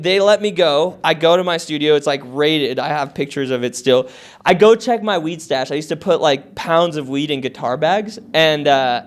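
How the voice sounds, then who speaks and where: Animated guy telling a wild story. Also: a little high, clear, resonant tone. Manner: animated, swears a lot, acts out voices in his story; many fillers like "like" and "uh". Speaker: podcast guest. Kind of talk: casual storytelling interview.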